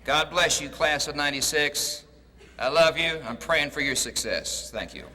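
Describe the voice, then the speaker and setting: A commencement speaker with a fairly high, bright, forceful voice addresses a graduation at normal speed, using an emphatic, preacher-like cadence, telling a story, and slipping in a joke. He speaks into a podium mic over a PA in a large hall, with a little hiss or hum.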